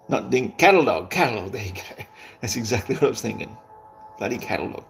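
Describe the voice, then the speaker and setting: A man's voice: lowish voice, animated, brisk, creaky, soft background music. An Australian man hosting a livestream, chatting casually and greeting viewers in a rambling, laid-back way with casual swearing. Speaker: livestream host. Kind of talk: casual chat while reading viewer comments.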